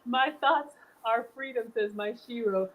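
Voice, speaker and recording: A woman's voice: on the high side, measured pace, a bit bright, poor audio. Chatty woman hosting a cooking stream. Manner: chatty, reads out viewer comments aloud. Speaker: host of a live cooking stream. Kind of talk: casual live cooking chat.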